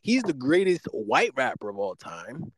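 Male podcast co-host, mid-pitched, excitable and rambling, in a dry, dead room. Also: unhurried, no room sound. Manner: animated, rambling, excitable with sudden high jumps. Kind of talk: casual debate chat.

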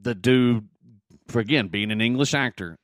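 A man's voice: medium pitch, normal speed, dry recording, clean studio sound. A man co-hosting a podcast in casual chat, going off on tangents and apologizing for it. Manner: tangent-prone, apologetic, animated storyteller. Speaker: podcast co-host.

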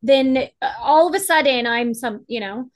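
A woman advocate, a guest on a podcast interview, speaks with passion and emphasis in a high voice at normal speed. She often acts out what other people said.

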